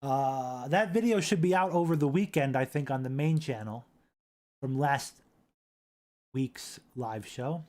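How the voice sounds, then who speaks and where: A man hosts a casual live stream, talking into a boom-arm desk mic in a slightly mellow voice. He rambles, repeats himself, and reads the chat out loud.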